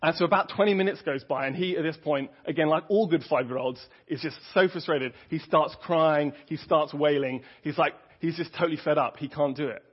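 Brief: male preacher, earnest and conversational, somewhat high, husky voice, dull lo-fi recording. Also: brisk, hardly any pauses. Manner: earnest, conversational, with frequent restarts. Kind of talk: sermon. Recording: dull lo-fi audio.

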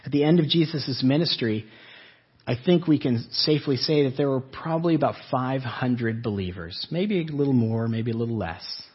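A man delivers a sermon in a church sanctuary, earnestly putting questions to his listeners. His voice is husky and mid-pitched. The recording is dull and lo-fi. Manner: earnest, asks the congregation questions. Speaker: pastor.

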